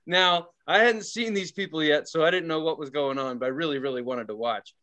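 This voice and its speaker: A man co-hosting a podcast, telling a story in a casual, profane and animated way and acting out the people in it. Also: fairly high pitch, a little fast. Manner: profane, animated, acts out quoted voices. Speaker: podcast co-host.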